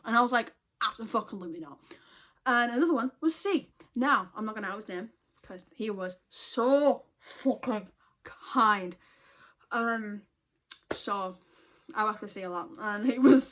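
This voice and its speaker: A young woman, telling a story casually in a profane, exasperated way. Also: a little high. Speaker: vlogger.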